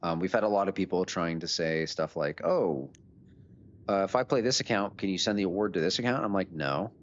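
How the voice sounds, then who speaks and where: A man hosting and casting a live online game tournament, chatty and relaxed, often restarting his words. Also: deep voice, a little fast, lo-fi sound. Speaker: tournament host and caster. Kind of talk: live esports commentary.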